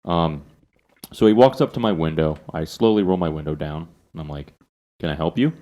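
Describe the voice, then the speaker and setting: Podcast host, man, very low voice, casual profane storyteller. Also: a little fast, warm tone.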